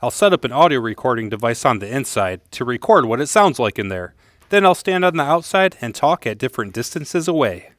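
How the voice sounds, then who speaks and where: A man's voice: mid-range voice, sing-song, brisk, fairly bright tone. Guy narrating a diy how-to, bouncy up and down delivery, clean booth sound. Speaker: host of a how-to channel. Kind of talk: scripted voice-over narration. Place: moving blanket vocal booth.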